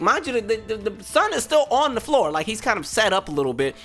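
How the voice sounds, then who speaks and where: A young man hosting a podcast, telling a comic story in an animated way and acting out other people's voices. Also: high voice, fairly quick, few pauses. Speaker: podcast host. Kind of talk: comedic storytelling. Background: faint background music.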